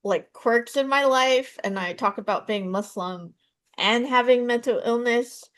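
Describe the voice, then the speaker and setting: A woman in her thirties, a stand-up comedian and psychotherapist, answering interview questions with animated storytelling. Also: a little high, measured pace. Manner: animated storytelling, acts out voices in her jokes.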